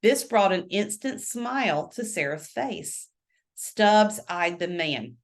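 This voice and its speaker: Expressive woman reading a novel. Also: mid-range voice, takes it slowly. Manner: expressive storytelling. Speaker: book reader.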